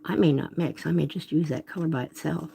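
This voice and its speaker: Speaking fairly quickly in a low, mellow voice with vocal fry, a woman hosts a live watercolor demonstration at home, with a little hiss or hum in the background. She chats casually while painting, often breaking off to apologize or comment on her setup, all recorded on a phone camera.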